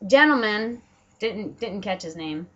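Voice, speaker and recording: A woman's voice: medium pitch, expressive, measured pace, a bit bright, muffled recording. A woman from Washington State delivering an angry, profane political rant at home, with sarcastic mock quotes. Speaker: political vlogger. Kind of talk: angry ranting monologue. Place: home, dogs barking nearby.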